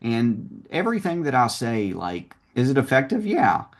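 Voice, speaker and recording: A man's voice: medium pitch, huge pitch swings, normal speed. A man coaching a salesperson one-on-one, talking in a confident, direct way.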